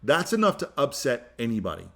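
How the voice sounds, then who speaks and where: A man's voice: medium pitch, huge pitch swings, fairly quick, a bit bright. A man hosting a podcast, giving a heated, emphatic opinion monologue in which he often repeats himself and restarts. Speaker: podcast host.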